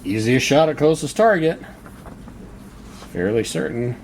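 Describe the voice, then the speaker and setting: A man's voice: mid-range voice, expressive, a little slow, slight background noise. A man playing a solo board wargame, thinking aloud and reading the rules to himself as he works through each turn. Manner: muttering, reads rules aloud and reasons through them.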